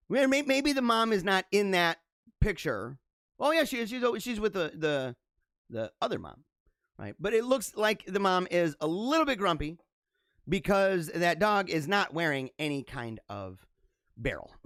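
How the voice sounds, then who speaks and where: A man's voice: high-pitched, fairly bright tone, no echo, clean studio sound. A young man hosting a casual livestream, reading viewer comments and rambling through laughing asides.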